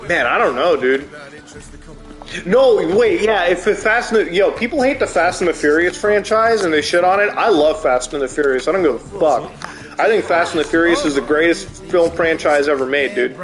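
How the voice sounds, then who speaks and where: A man's voice: high voice, moderate pace, faint music behind. A man streaming a game, chatting casually and ranting with plenty of swearing. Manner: profane, animated ranting. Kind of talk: casual chat while gaming.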